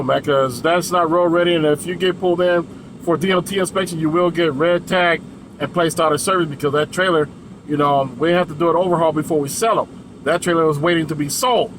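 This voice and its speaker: A man's voice: a little high, fairly quick, fairly bright tone, a little hiss or hum, rough recording. A man who drives trucks tells a story in a loose, casual way, swearing and laughing between his lines.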